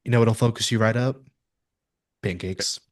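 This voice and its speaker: A man's voice: on the low side, steady tone, moderate pace, close to an everyday voice. A man voicing a caring, upbeat young man in a tabletop role-play, talking in a reassuring, cheerful way.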